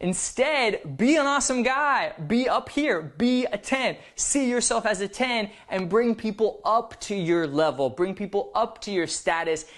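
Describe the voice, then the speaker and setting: A man's voice: high-pitched, lively intonation, unhurried, few pauses, a bit bright. A man presenting a dating advice video, explaining steadily and acting out sample lines in playful voices. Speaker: dating coach.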